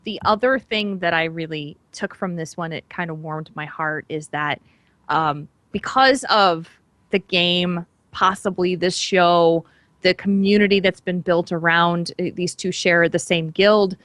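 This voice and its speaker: A woman's voice: lowish voice, measured pace, a bit bright, dry recording. A woman co-hosting a podcast in casual chat, talking with gushing enthusiasm. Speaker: podcast co-host.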